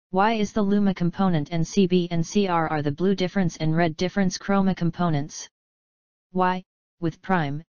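Woman reading a paper in a low, smooth voice. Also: dry recording. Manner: flat, even read-aloud delivery that spells out acronyms letter by letter. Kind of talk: reading an academic paper aloud. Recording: dull, slightly lo-fi dry recording.

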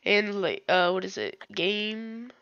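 Slow, bright-voiced woman gamer. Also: mid-range voice, vocal fry, no room sound, dull audio. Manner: slangy, playful, hesitant. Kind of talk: casual gaming chat.

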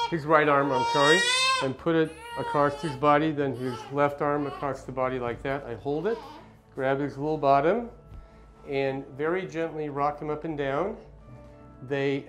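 A man working as a pediatrician, giving a calm, gentle, step-by-step demonstration in a clinic consultation room. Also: on the high side. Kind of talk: instructional demonstration.

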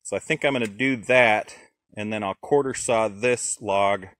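Low-voiced man explaining outdoors, dry sound. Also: moderate pace, dry recording. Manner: relaxed, thinks aloud with many fillers. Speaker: homesteader showing sawmilling. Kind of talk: casual how-to narration. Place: outdoors at a log pile.

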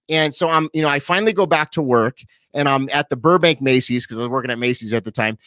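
A man in his forties, a pastor telling his personal testimony as an interview guest, animated and quick with asides. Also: medium pitch, no echo. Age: 40s. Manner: animated storyteller, quick asides, laughs easily.

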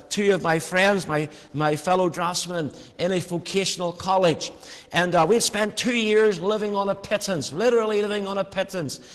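Male preacher, high voice, earnest storyteller, long hall reverb. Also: fairly bright tone. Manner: earnest, storytelling, varied emphasis. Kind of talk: sermon with personal story.

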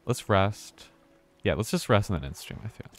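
A man's voice: lowish voice, expressive, normal speed, faint music behind. A man streaming a game live, commenting casually, muttering to himself and swearing when startled.

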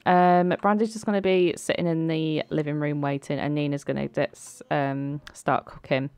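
A woman's voice: low voice, level tone, normal speed, a little mellow, clear, resonant tone, no echo. A woman narrating and commenting on a life-sim game in a chatty way, laughing and using lots of fillers. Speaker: let's play creator. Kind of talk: game commentary with voiced characters.

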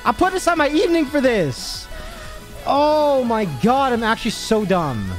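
Animated high-voiced male streamer. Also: moderate pace, faint music behind. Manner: animated, swearing, exasperated rants. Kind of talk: casual livestream chat.

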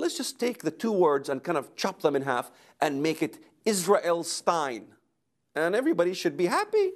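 A man's voice: on the high side, gravelly. A man giving a lecture recorded for video, speaking emphatically and repeating words for rhetorical effect.

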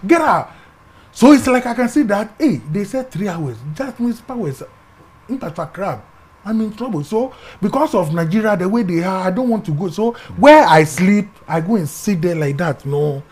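As an interview guest, a middle-aged Ghanaian English-accented man shares his personal story with animation, voicing the characters and often sinking into a hush. His voice is high-pitched.

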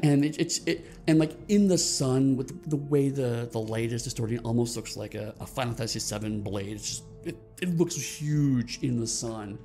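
A gravelly-voiced man running a tabletop role-playing game. He narrates the action and explains the rules in a loose, rambling way, restarting his sentences, with faint music behind him. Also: medium pitch, moderate pace, few pauses, dark tone. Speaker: game master.

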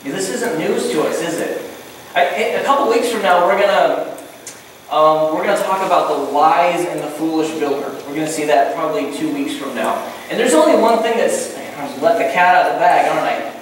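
Goofy pastor preaching from far back in an echoey hall. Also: male voice, a little high, animated, a little fast, slight background noise. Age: middle-aged. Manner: goofy, conversational, acts out quoted voices. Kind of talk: sermon. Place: church hall.

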